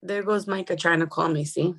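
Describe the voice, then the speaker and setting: A woman co-hosting a casual podcast chat, loud and exclamatory, often breaking into laughter. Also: lowish voice, fairly even intonation, a little fast, husky. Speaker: podcast co-host.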